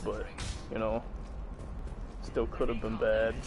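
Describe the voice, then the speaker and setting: A man's voice: lowish voice, monotone, takes it slowly, over music, poor audio. A young man streaming a game, telling rambling, profane stories in casual chat. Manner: rambling, profane, laughing storyteller. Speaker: gaming streamer. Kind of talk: casual chat over gameplay.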